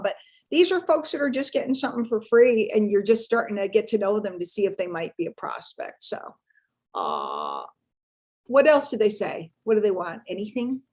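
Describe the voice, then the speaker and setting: A woman's voice: on the high side, sing-song, a little fast, darkish tone. A middle-aged woman speaking casually and playfully on a live webinar, repeating herself for emphasis. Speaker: guest speaker on marketing webinar.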